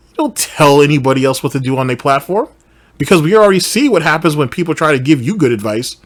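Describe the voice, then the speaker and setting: A man's voice: on the high side, animated, fast. A man hosting a reaction commentary show, talking in a blunt, profane and confrontational way. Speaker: commentary channel host.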